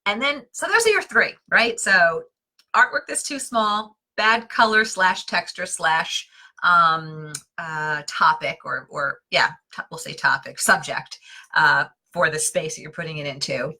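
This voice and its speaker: A woman's voice: low voice, measured pace, pushed and bright. A woman hosting a live stream on interior design, teaching in a chatty, self-deprecating way with lots of fillers and asides.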